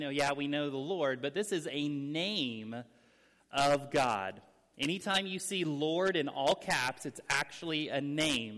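Man, pastor, teaching sermon, earnest, fairly high voice, long church reverb. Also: a bit bright. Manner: earnest, explanatory, speeds up and slows down for emphasis. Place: church sanctuary with young people present.

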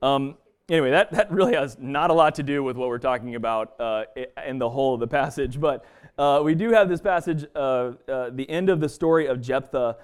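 In a casual Bible study, a man with a mid-range, clean-toned voice speaks briskly. He teaches the passage conversationally, frequently restarting sentences and dropping in fillers.

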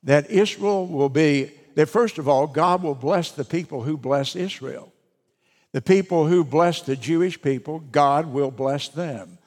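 A man preaching a sermon to his congregation, speaking deliberately with emphatic pauses. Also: a little high, darkish tone. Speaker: pastor. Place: church sanctuary. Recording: long reverb of a church hall.

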